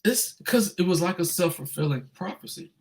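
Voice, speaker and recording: A man co-hosting a casual sports podcast, animated and profane, ranting loudly when upset. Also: high-pitched, moderate pace. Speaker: podcast co-host.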